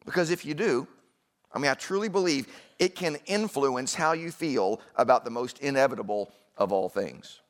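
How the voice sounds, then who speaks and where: A pastor with a mid-range, animated voice preaches at a normal speed. His sermon is conversational, with asides and questions directed to the congregation.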